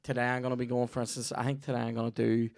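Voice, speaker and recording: A man's voice: medium pitch, flat delivery, racing, creaky, darkish tone, no room sound, studio quality. A man with a Northern Irish accent hosting a comedy podcast, rambling through a sweary, jokey ad read.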